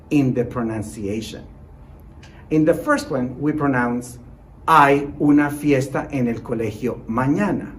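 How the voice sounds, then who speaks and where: Male language teacher for an online lesson, animated intonation, upbeat encouragement, clear model sentences, faint room noise. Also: medium pitch, poor audio. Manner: encouraging, repeats short praise and reassurance. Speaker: Spanish teacher.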